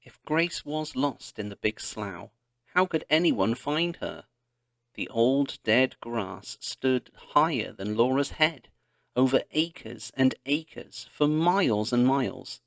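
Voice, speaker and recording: Slow, gravelly male storybook narrator. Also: mid-range voice, lively intonation, no room sound, studio quality. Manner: slow, deliberate reading. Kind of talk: read-along narration for children.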